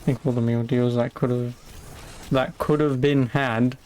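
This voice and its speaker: A man's voice: mid-range voice, fairly even intonation, a little slow, darkish tone, faint music behind. Sarcastic British man streaming a game. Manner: sarcastic, banters with chat, swears. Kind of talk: casual live-stream chat while playing.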